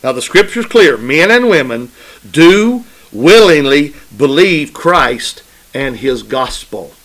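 Slow, emphatic man preaching a sermon. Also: fairly high pitch, sing-song, a bit bright, low-quality recording. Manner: call-and-response preaching, asks congregation "right?"; emphatic, repeats phrases for stress.

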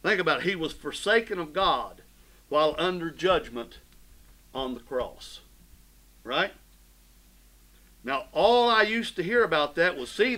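Man, pastor, fervent sermon, slightly high pitch, bright forceful tone. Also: poor audio. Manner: fervent preaching with sudden swells and drops in volume.

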